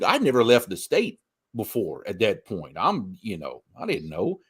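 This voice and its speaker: A man's voice: lowish voice, wildly swooping pitch, moderate pace, slightly rough. Cajun-accented man telling stories. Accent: south Louisiana Cajun. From Louisiana. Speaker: co-host. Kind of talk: casual chat.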